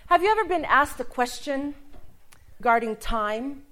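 A woman giving a personal testimony sermon, telling a story and acting out the dialogue, sometimes dropping to a hushed voice for emphasis. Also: high-pitched, expressive, moderate pace.

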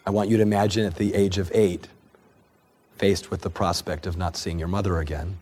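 A man's voice: deep voice, fairly even intonation, fairly quick, darkish tone, breathy edge. A man preaching, telling a family story in an earnest way, often repeating and restarting words. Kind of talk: sermon storytelling.

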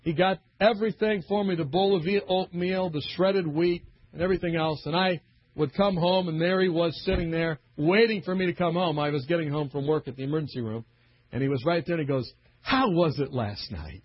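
A man's voice: a little high, fairly even intonation, brisk, no room sound. A middle-aged man preaching a storytelling sermon, acting out the voices of the people in his stories. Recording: dull lo-fi recording.

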